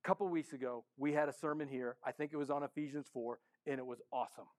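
A man preaching a sermon as a pastor in a church, casual and enthusiastic, swinging between hushed and loud. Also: mid-range voice, steady tone, fast.

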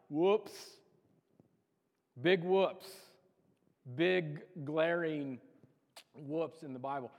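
Joking pastor in a reverberant hall. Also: male voice, on the high side, very slow, pauses often, darkish tone, highs cut off. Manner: chatty, joking, self-deprecating. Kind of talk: casual sermon. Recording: long reverb of a large hall.

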